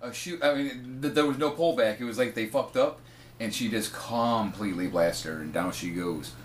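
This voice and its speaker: Dude cohosting a wrestling podcast, swears a lot, gets all hyped, bit of faint hiss. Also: male voice, medium pitch, normal speed. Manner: profane, enthusiastic, laughs often. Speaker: podcast co-host. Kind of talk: casual wrestling recap chat.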